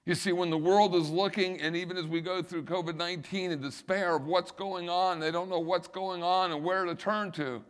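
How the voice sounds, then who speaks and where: A man's voice: high-pitched, fairly even intonation, normal speed, few pauses, clear, resonant tone. A middle-aged male pastor preaching a sermon, building emphasis and repeating key phrases.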